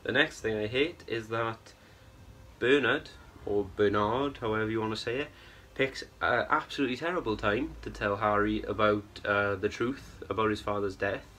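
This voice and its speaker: A young man with a somewhat low voice vents his opinions in a casual film review vlog. He rambles, circles back on himself and keeps checking in with "right?" and "bro", sounding plainly exasperated. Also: a little fast, few pauses, sharp tone, slight background noise.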